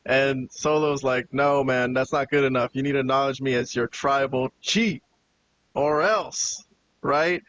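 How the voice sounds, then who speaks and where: A man's voice: mid-range voice, measured pace, dull audio, a little hiss or hum. A man hosting a podcast, casually recapping a wrestling show and acting out the quoted lines as he tells it. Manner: animated retelling with quoted dialogue. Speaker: podcast host.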